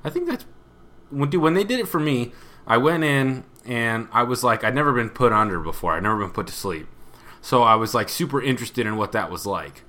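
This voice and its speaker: A man's voice: mid-range voice, animated, brisk, sharp tone. A young man co-hosting a podcast in casual chat, laid-back, swearing and laughing often. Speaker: podcast co-host.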